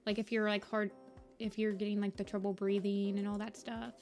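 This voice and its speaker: A young adult woman streams her art, chatting casually with viewers as she draws and rambling with lots of fillers. Her medium-pitched voice moves little in pitch and runs fairly quick. Soft music plays in the background.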